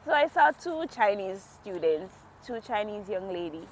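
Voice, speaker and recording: A woman's voice: mid-range voice, sing-song, moderate pace, slight background noise. A woman vlogger telling a personal faith story in a casual, heartfelt way, laughing often as she talks outdoors. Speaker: devotional vlogger. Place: outdoors in a quiet natural area.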